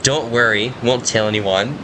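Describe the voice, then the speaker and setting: A man's voice: medium pitch, moderate pace, noisy background, natural voice. A man playing a sly pipe-smoking sailor. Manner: sly, curt.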